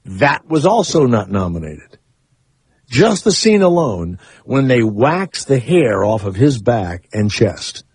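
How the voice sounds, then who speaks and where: A man's voice: medium pitch, very animated, slow, a little mellow, husky, no echo. A man hosting a radio talk show, rambling and opinionated in casual chat. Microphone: studio microphone.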